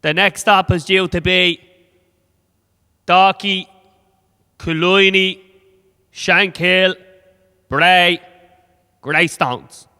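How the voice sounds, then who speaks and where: A man voicing a bored Dublin train driver making a loud flat announcement, with a Dublin accent. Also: high voice, extremely slow, pauses often, clean tone, pitched above the performer's own voice, heavily acted. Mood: bored announcing. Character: mumbling grumpy Dublin train driver, male. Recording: hall reverb from a club stage.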